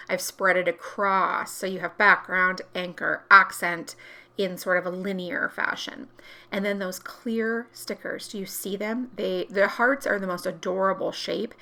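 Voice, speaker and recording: A woman's voice: medium pitch, creaky, pushed and bright. A woman talking casually through a planner crafting tutorial, chatty and explaining each step as she works, correcting herself now and then.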